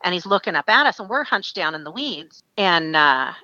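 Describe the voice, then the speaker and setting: A woman from Alaska, a podcast guest, telling a story in a lively, chatty way. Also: lowish voice, moderate pace, dry recording, muffled recording. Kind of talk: casual storytelling.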